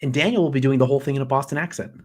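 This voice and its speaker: A man hosting a live pop culture news show, animated and jokey, swearing casually as he chats. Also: medium pitch, racing. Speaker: host.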